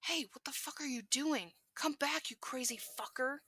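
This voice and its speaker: Lady doing a angry teen boy, yelling and swearing, kinda high and sharp. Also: normal speed, dry recording, clean studio sound. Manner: shouting, swearing. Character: furious foul-mouthed teenage boy, hot-tempered.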